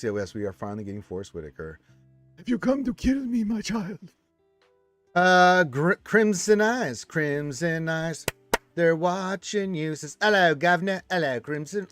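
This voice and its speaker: A man hosting a casual live stream, reading viewer comments aloud and chatting back from a room full of action figures. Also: a little high.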